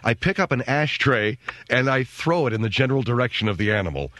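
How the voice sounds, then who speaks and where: A middle-aged man hosting a radio talk show, telling a comic story in an animated, jokey way and acting out voices and sounds. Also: mid-range voice, quick pace, no echo, clean studio sound.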